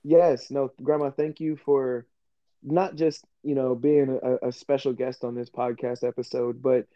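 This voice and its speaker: A man hosting a casual podcast chat, talking in an animated way, laughing often and acting out remembered conversations. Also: mid-range voice, unhurried, no room sound, lo-fi sound. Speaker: podcast host.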